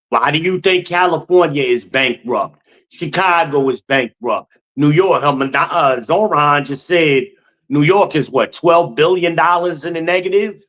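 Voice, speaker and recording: A man's voice: on the high side, fairly bright tone. A man from New Jersey hosting a podcast alone, giving blunt, profane opinion commentary in a mocking tone. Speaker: podcast host.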